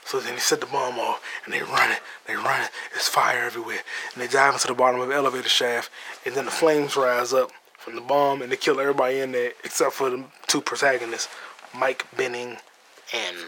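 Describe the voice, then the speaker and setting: Male podcast host, bright-toned, loose profane movie recap, faint noise behind. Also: medium pitch. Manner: profane, animated storytelling with acted-out quotes. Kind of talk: casual movie recap monologue.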